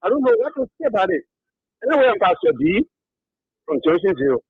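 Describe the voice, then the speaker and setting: A hesitant Liberian pastor calls in to a radio show and stumbles through his point with many fillers. His voice is high and husky. It comes through a thin, tinny phone line. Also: sing-song, fast, dry recording. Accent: Liberian English. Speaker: pastor calling in. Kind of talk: call-in radio opinion.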